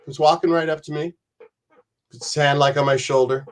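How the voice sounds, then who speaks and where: A man telling stories as a podcast guest, his voice sitting a bit higher than most. He rambles, swears freely and drops into other people's voices mid-tale. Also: fairly even intonation, a little fast, pauses often. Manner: rambling, profane, jumps into voices. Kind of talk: casual storytelling chat.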